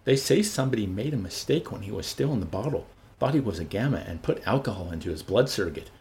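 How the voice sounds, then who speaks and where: A man's voice: fairly low pitch, expressive, quick pace, darkish tone. A man reading an audiobook voices a prim, conventional young woman in an earnest tone, close to his own voice.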